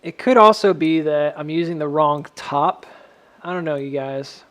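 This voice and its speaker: A man's voice: a little high, moderate pace, a bit bright. A man giving casual, rambling, self-mocking commentary while drawing lines on stock charts.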